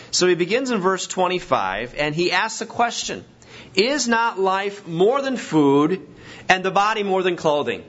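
Emphatic pastor with a husky voice. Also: male voice, mid-range voice, a bit bright. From Washington state. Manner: emphatic, rising to stress points. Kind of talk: sermon. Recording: dull lo-fi recording.

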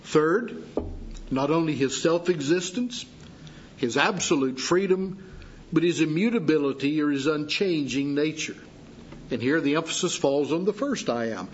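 A man preaching a sermon, teaching slowly and deliberately with pauses for emphasis. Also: fairly high pitch, expressive, a little hiss or hum. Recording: dull lo-fi sound.

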